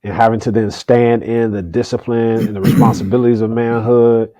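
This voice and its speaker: A man's voice: mid-range voice, steady tone, brisk, warm tone, dry recording. A middle-aged man speaking candidly as a podcast guest, earnest, often repeating words as he starts a thought. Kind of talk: candid conversational interview.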